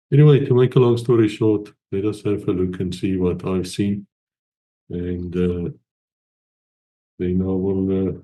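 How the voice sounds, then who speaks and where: A man's voice: sits low, warm tone. A middle-aged man, hosting his channel at home, chatting casually and rambling with hesitant fillers. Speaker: channel host. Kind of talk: casual chat to camera. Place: at home with a pet cat.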